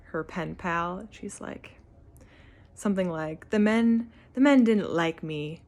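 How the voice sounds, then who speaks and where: Brief: young woman, lower voice, effusive rambling vlog chat, many fillers. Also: creaky. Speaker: vlogger. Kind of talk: casual chat.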